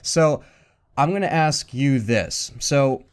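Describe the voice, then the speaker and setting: A man's voice: medium pitch, animated, slow pace, clean tone. Laid-back male podcast host. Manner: laid-back, loose talk with fillers. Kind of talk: casual podcast chat.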